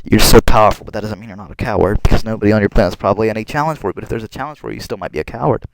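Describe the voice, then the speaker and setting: A man's voice: fairly low pitch, rapid-fire, vocal fry. A man casually retelling a comic in his own words, rambling and leaning on "basically" and "like". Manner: rambling, filler-heavy retelling with lots of "basically" and "like". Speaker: fan summarizing a comic. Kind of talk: casual recorded commentary. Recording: noisy homemade recording with clicks.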